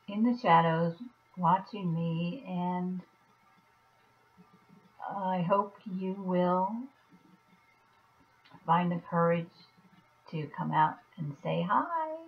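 Woman, vlogger, slow soft speech, gentle reassuring tone, lo-fi muffled sound. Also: on the low side. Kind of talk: personal video message. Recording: dull lo-fi recording.

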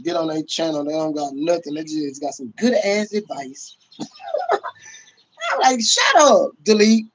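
A man on a casual livestream, ranting in a loud, profane, boisterous way and laughing often. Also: fairly high pitch, wildly swooping pitch, a little slow, long pauses, a little hiss or hum, low-quality recording.

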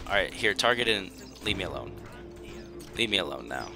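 A young gaming YouTuber gives commentary on his own strategy game, dramatically pleading with and joking at the enemy in a self-mocking way. His low-pitched voice is very animated and brisk, with music playing in the background.

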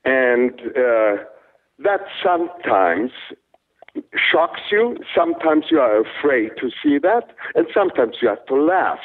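An older man with a German accent, a German native speaker, speaking haltingly in an interview with many fillers and restarts. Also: medium pitch, very animated. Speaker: interviewed actor. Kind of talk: casual interview talk. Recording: tinny phone-like sound.

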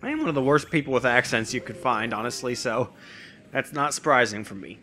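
A man's voice: mid-range voice, big pitch swings, a little fast, sharp tone, soft background music. A man casually narrating his gameplay, rambling with frequent restarts and jokes about puns. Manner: rambling, self-correcting, jokey about puns. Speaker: let's play host.

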